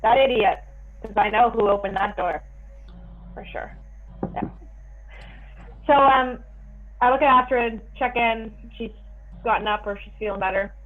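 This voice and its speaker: A woman's voice: fairly high pitch, measured pace, long pauses. Eager woman player on a tinny call. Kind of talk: casual tabletop play. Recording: tinny phone-like call audio.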